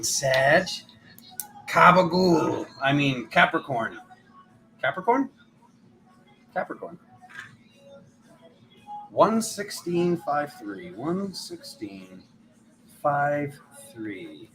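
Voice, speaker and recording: A man doing tarot readings in a casual, rambling live stream, chatty and quick to poke fun at himself. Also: on the high side, big pitch swings, bright, forceful tone, soft background music, rough recording. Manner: chatty, rambling, self-mocking. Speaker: tarot reader.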